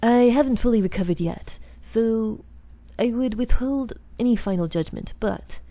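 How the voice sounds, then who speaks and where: A woman voicing a composed young samurai man, speaking in a measured, solemn way while reading game dialogue aloud. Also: on the high side, no echo, lightly acted. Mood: calm. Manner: measured, solemn, quiet delivery.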